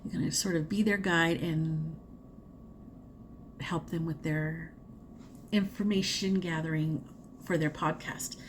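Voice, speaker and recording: A woman's voice: sits low, steady tone, slow, long pauses, a little hiss or hum. Chatty woman rambling about crafts. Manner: chatty, rambling, with laughs and fillers. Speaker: crafting vlogger. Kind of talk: casual chat.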